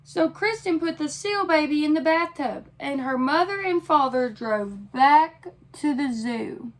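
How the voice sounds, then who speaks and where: A woman reading a children's picture book aloud, pausing to ask her listeners questions. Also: high voice, animated, poor audio.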